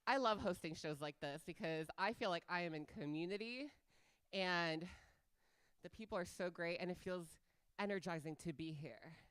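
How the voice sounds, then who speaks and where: Flamboyant drag host working a crowd. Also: female voice, on the low side, moderate pace, clear, resonant tone, no room sound. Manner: flamboyant, loud and playful with the crowd. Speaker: event host and drag performer. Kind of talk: live stage hosting and guided breathing. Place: live event stage.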